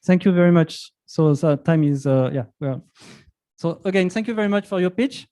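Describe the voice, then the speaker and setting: A man moderating a live pitch event, introducing speakers in a chatty, rambling way. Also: animated, moderate pace, dark tone, no room sound.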